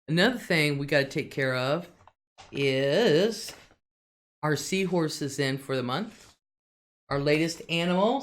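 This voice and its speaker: A middle-aged woman hosting a casual livestream, reading out viewer comments and laughing often. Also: rumbling low. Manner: chatty, laughs often, drawls some words. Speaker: livestream host.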